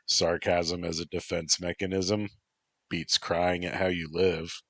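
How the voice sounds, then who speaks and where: A man voicing a sarcastic young man weighed down by guilt, speaking in a low, slow voice. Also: flat delivery, no echo, heavily acted. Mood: dry. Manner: sarcastic, quietly remorseful.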